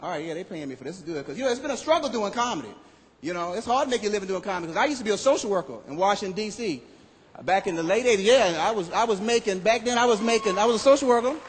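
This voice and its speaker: A man performing a stand-up comedy routine on stage, animated and loud on his punchlines, acting out other people's voices. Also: sits high, racing. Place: comedy club stage with live audience. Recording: live hall recording with audience.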